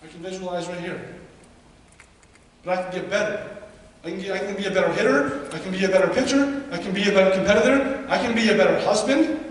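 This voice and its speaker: A man with a very high voice speaks to young ballplayers and their parents, and he keeps pulling the room in with questions. He sounds distant from the mic, and a long, booming echo follows each phrase. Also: fast, a little hiss or hum. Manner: energetic, asks the audience questions. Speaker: guest speaker at a youth baseball seminar. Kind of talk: motivational talk to players and parents. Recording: echoey hall, mic far off.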